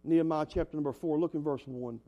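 A man's voice: a little high, fairly even intonation, fast talker, dark tone, soft background music. A young man preaching an earnest, emphatic sermon as a pastor, in a folksy way. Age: young adult.

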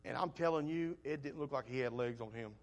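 A man preaching a sermon, telling homespun stories in a folksy way and swinging between loud emphasis and soft asides. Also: medium pitch, brisk, dull audio.

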